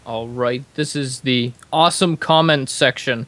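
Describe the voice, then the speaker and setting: A man's voice: mid-range voice, unhurried, fairly bright tone, no room sound. A man from Alaska chatting as a podcast guest, hesitant and self-mocking. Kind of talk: casual podcast chat.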